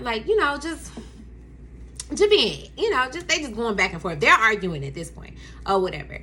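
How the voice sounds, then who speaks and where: A woman's voice: a little high, moderate pace, pauses often, slight background noise. A young woman casually telling a storytime to her camera at home, acting out quotes and laughing often. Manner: animated, acts out quotes, laughs often, addresses viewers as y'all. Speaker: storytime vlogger. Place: home room with a Christmas tree.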